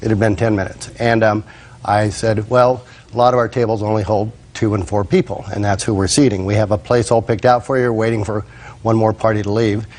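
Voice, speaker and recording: Man, witness in court, halting, lots of uhs, low voice. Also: flat delivery, darkish tone. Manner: hesitant, halting, full of uhs. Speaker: restaurant manager, witness. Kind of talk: courtroom testimony.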